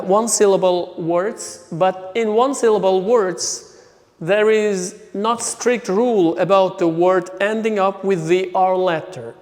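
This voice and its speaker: Slow, high-voiced male teacher. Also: a little mellow. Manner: methodical, reads out example words one by one. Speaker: English teacher. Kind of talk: recorded lecture. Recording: lecture with long hall reverb.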